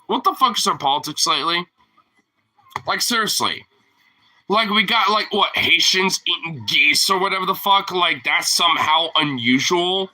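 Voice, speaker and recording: A man's voice: high-pitched, normal speed, sharp tone, low-quality recording. A man ranting casually as a vlogger, rambling and profane, often laughing at his own points. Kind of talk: casual rant to camera.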